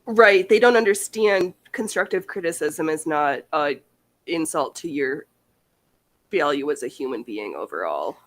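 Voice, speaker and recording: A woman's voice: sits low, lively intonation, unhurried. A woman hosting a casual chat, laughing often and slipping into playful mock voices. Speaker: host. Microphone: on-camera mic.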